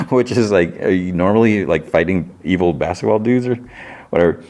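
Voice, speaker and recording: A man's voice: deep voice, moderate pace, darkish tone. A man hosting a podcast, chatting casually as he retells a TV episode in a loose, rambling way. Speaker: podcast host.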